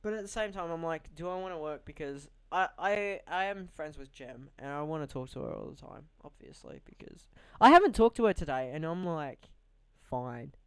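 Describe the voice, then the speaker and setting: A young man co-hosting a podcast, swearing and telling animated stories about his friend, acting out what people said. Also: on the high side, brisk, clean tone. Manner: animated storytelling, swearing, acts out quoted voices. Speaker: podcast co-host. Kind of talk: casual banter.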